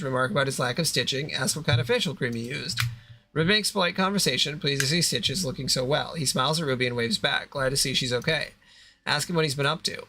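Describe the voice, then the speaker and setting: A man's voice: mid-range voice, sharp tone. A man hosting a livestream, reading a story game aloud in a plain voice and breaking off into casual asides to his chat. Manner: reads narration plainly, breaking into asides and laughter.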